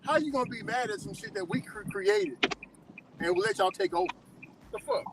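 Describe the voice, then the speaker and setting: A man's voice: extremely high pitch, sing-song, brisk, creaky, noisy background. A man who works as a delivery driver, chatting casually in slang and laughing often. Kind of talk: casual chat.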